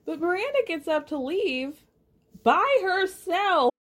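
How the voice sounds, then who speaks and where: A woman hosting a podcast, recapping a TV show in a casual, profane, animated way and laughing often. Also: very high-pitched, slow. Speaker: podcast host.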